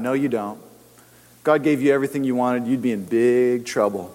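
A man preaching a sermon in a lively, animated way, acting out the voices of people in his stories. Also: medium pitch, brisk. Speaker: pastor. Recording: long hall reverb.

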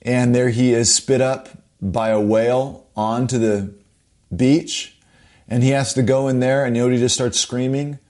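A man's voice: mid-range voice, fairly even intonation, moderate pace, darkish tone. Fields: Sex: male. Role: preacher. Style: sermon. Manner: emphatic, urgent, repetitive.

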